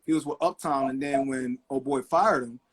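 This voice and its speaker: This middle-aged record producer speaks at medium pitch and a moderate pace in a husky voice. Relaxed in the interview, he tells his stories with energy and mimics whoever he's quoting.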